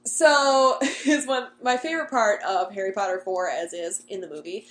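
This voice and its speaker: A woman's voice: medium pitch, normal speed, a bit bright, echoey room. A young woman in casual podcast chat who is bubbly and giggly and uses lots of fillers.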